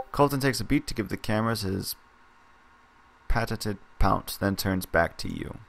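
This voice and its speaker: A man with a slightly low voice reads a text adventure aloud in a casual let's-play. He moves between narrating the story and chatting loosely with viewers. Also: a little slow, vocal fry. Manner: reads narration aloud, breaks off to chat and laugh. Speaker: player reading an interactive story game. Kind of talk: casual game read-through.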